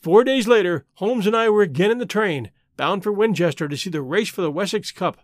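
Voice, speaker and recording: A man reading a story aloud as narrator, expressive and giving each character a voice. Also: high-pitched, brisk, no echo, clean studio sound.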